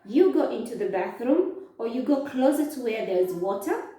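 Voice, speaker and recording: Woman teacher, soft dark voice, slow and patient, quizzes kids, distant echoey room. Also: a little high, animated. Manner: slow, drawn-out, asks questions and answers them. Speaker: Islamic studies teacher. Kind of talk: teaching children step by step. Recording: echoey, from far off.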